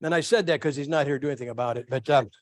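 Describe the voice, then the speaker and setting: A middle-aged male pastor preaching a sermon, telling folksy stories with lively asides to his congregation. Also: mid-range voice, rapid-fire, dry recording, studio quality. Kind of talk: sermon with storytelling.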